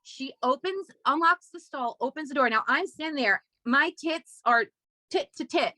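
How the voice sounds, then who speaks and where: Young adult woman, comedy writer guest, animated raunchy storyteller, sharp bright voice, dry close sound. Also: moderate pace, no room sound. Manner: animated, swears a lot, acts out quoted voices high and loud. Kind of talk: casual storytelling on a podcast.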